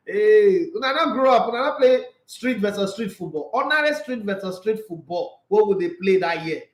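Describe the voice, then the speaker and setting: A man with a Nigerian accent hosting a casual sports livestream, animated, laughing often and switching between Pidgin and English. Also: high voice, moderate pace, reverberant.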